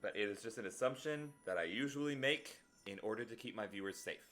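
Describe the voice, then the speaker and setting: A man's voice: on the low side, expressive, quick pace, fairly bright tone. A man streaming a video game live, talking earnestly and directly to his viewers in casual chat. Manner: earnest, talks straight to viewers.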